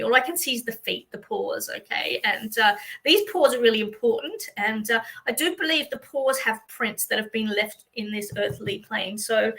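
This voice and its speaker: A woman's voice: fairly high pitch, vocal fry, sharp tone, poor audio. An Australian woman, a psychic medium, chatting through a livestream reading for viewers with many fillers and a reassuring manner.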